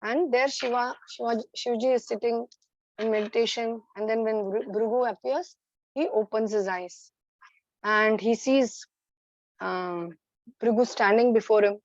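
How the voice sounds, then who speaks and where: A woman's voice: on the high side, fairly even intonation, unhurried, dry recording, dull audio. Woman telling a children's story. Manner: hesitant, many fillers. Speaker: children's class teacher.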